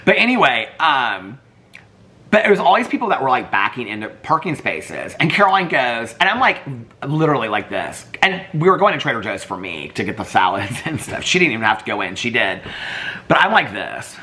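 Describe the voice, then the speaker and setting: A man's voice: medium pitch, very animated, fairly quick, sharp tone. A man vlogging casually, rambling through a story with lots of fillers and quoted dialogue.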